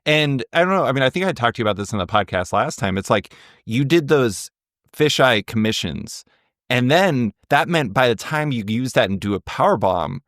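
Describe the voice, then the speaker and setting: A man's voice: mid-range voice, lively intonation, moderate pace, a bit bright, no room sound, studio quality. A man hosting a podcast interview, asking thoughtful questions in a conversational way. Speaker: podcast host.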